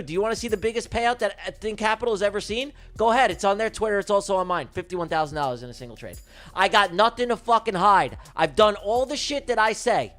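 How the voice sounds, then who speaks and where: A man hosting a live day-trading stream, talking in a brash, profane and excitable way. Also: high-pitched. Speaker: day trader hosting a livestream.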